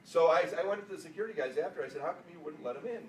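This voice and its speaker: A man's voice: a little high, animated. A man from Chicago hosting a casual chat, joking and telling anecdotes. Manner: joking, quick asides. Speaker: host. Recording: roomy, distant mic, faint noise.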